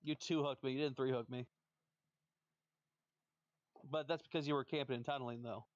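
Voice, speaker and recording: A man's voice: mid-range voice, steady tone, normal speed, no room sound, dull audio. A man trash-talking another player on a stream voice chat, scornful and taunting, repeating his insults. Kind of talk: trash talk between matches.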